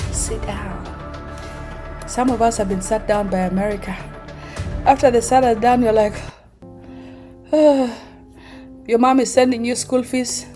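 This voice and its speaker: Kenyan lady vlogging, fairly high voice, animated and laughing, faint music behind. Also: measured pace, pauses often. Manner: animated, laughs often, acts out quoted voices. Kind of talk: casual storytelling monologue.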